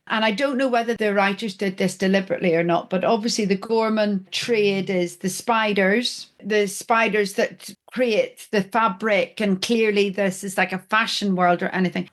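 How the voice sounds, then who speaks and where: Chatty woman podcast co-host. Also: medium pitch. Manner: chatty, musing aloud. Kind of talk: casual chat.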